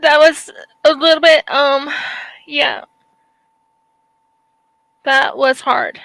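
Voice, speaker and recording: Teary high-voiced woman chatting slowly on a craft stream, bright voice, dry close sound. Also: steady tone, gravelly, no echo, low-quality recording. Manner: emotional, apologetic, perfectionist. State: tearful. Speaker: craft channel host. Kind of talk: casual live-stream chat while crafting.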